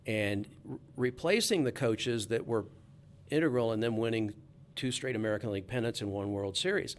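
A man, a sports reporter, telling a casual anecdote in a chatty, easygoing way with frequent restarts. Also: mid-range voice.

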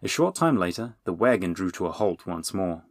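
A man narrating a children's adventure audiobook in a steady, even reading voice, on a close mic. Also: low-pitched, normal speed, no room sound. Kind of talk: scripted storybook narration.

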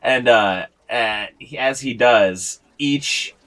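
A man's voice: medium pitch, slow pace, a bit bright. A man acting as game master, narrating a tabletop game casually with lots of fillers and casual swearing.

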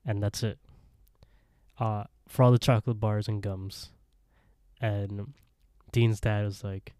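A man's voice: fairly low pitch, fairly even intonation, slow pace, darkish tone, no echo, studio quality. A man co-hosting a podcast, recapping an episode in a rambling, casual way and acting out the characters' lines with laughs. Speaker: podcast co-host.

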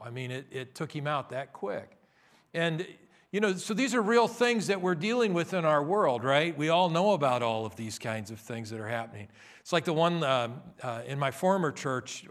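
An older man preaching a sermon as a pastor, earnest, his voice swelling louder on key phrases. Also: a little high.

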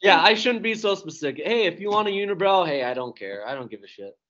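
A playful young man talks as a podcast guest, his voice swinging widely in pitch as he jokes around. The audio is dull and lo-fi. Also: lively intonation, quick pace, a bit bright. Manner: joking, playful, tries silly accents. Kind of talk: casual chat.

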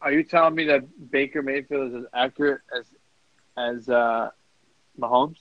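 A man co-hosting a casual sports podcast, halting and repeating words as he talks. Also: medium pitch, no echo, lo-fi sound.

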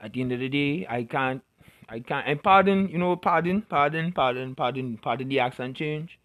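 A man's voice: mid-range voice, moderate pace, a bit bright. A man giving a passionate, blunt, profanity-laced motivational rant to camera.

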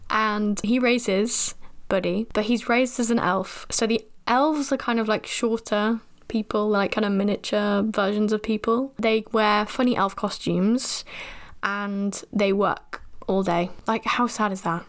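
Brief: young woman, podcast host, rambling casual recap, mid-pitched voice. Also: a bit bright. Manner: chatty, self-deprecating, rambling.

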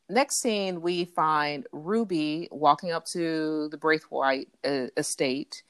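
Woman, low voice, casual recap, relaxed, lots of fillers, dry close sound. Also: no echo. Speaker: podcast co-host recapping a TV episode. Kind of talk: casual chat.

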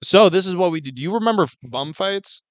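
A man's voice: high voice, lively intonation, fast, no room sound. A man co-hosting a casual podcast, joking and riffing on ideas. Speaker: podcast co-host.

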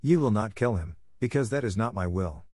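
A man's voice: lowish voice, lively intonation, a little fast, a little mellow, no echo, studio quality. A man voicing a fierce, defiant boy raised by wolves in a storybook reading, commanding in manner.

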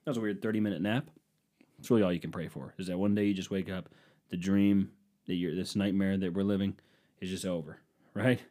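A man's voice: deep voice, flat delivery, brisk, dark tone. A man telling a comic personal story in a rambling, profane, self-deprecating way. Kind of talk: casual comedic storytelling.

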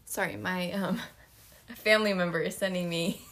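A woman's voice: lowish voice, steady tone, moderate pace, a bit bright. A young woman co-hosting a podcast in casual chat, rambling with lots of fillers and giggles. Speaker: podcast co-host.

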